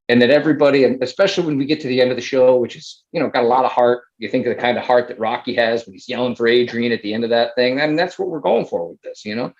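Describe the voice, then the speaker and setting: A man's voice: mid-range voice, highs cut off. A man producing a theater show, talking with eager enthusiasm in a casual interview, full of fillers like "man" and "like.".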